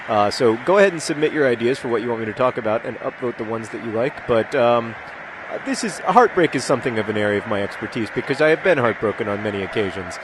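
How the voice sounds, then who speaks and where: A man's voice: medium pitch, noisy background. A man hosting a gaming video, talking casually and rambling, with lots of fillers and restarts while he plays. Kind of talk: casual commentary while playing a video game.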